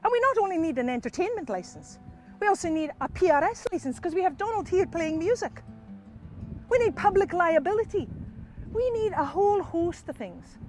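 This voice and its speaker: Scottish woman, storyteller, high voice, animated, conversational. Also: a little fast, faint music behind. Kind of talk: live storytelling to an audience.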